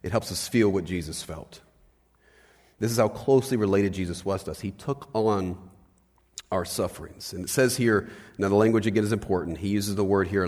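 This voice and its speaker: Animated male pastor in a reverberant hall. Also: on the low side. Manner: animated, swings from loud to hushed, asks the congregation questions. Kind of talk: sermon.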